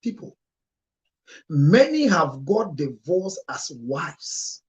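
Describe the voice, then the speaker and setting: A man speaking as a marriage counselor in an impassioned monologue, emotional and close to tears at times, his voice jumping suddenly higher and louder. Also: sing-song, drawn-out words. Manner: emotional, with sharp rises in pitch and loudness.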